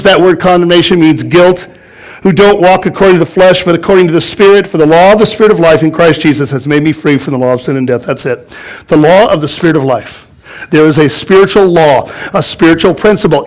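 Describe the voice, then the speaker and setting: A man pastor delivering a sermon, animated and storytelling, chuckling as he goes. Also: on the high side. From United States. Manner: animated storytelling with laughs and acted-out quotes.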